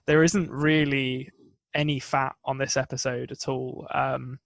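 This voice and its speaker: A man's voice: medium pitch, level tone, unhurried, creaky, a bit bright, dry recording. A man co-hosting a casual podcast, enthusiastic and rambling, often laughing. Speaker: podcast co-host. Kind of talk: casual chat.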